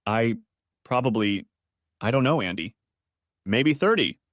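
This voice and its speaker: A man's voice: mid-range voice, lively intonation, a little slow, dry recording, studio quality, lightly acted. A man putting on a sobbing, pleading wife. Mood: hesitant. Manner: begging, stammering, sobbing. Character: tearful pleading unfaithful wife, adult woman.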